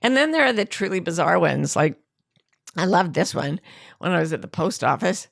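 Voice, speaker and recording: A woman's voice: lowish voice, moderate pace, vocal fry, no echo, studio quality. A middle-aged woman co-hosting a podcast in casual chat, telling stories with frequent laughter. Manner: laughing, animated storytelling. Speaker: podcast co-host.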